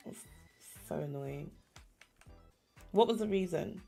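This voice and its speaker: A woman's voice: on the low side, animated, slow, creaky, mellow, soft background music. A woman chatting casually while playing a game, talking to herself and to the animals in it. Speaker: game streamer. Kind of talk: casual gameplay chat.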